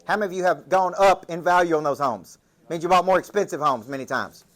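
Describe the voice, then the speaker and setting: A man's voice: fairly high pitch, fast talker, a bit bright. A man with a Southern US accent from Tennessee, giving a motivational business coaching talk full of stories and rhetorical questions. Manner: punchy storytelling, rhetorical questions.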